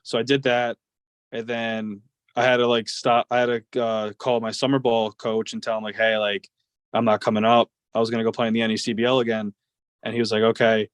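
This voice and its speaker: Young male ballplayer, casual guest, rambling storyteller with many fillers, monotone delivery. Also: mid-range voice, a little fast, smooth, no echo. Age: 20s. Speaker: guest, professional baseball player.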